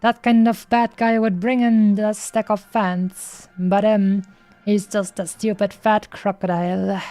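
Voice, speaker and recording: A woman's voice: mid-range voice, steady tone, unhurried, mellow. A woman streamer reading game dialogue aloud in a playful way, stopping often on fillers as she goes.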